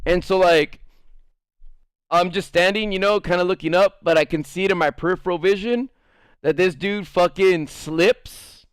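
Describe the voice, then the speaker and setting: A man's voice: sits high, moderate pace, clean tone, no echo, clean studio sound. A man streaming, telling a rambling story to his chat, packed with filler words and casual swearing. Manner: rambling, filler-heavy, crude and profane.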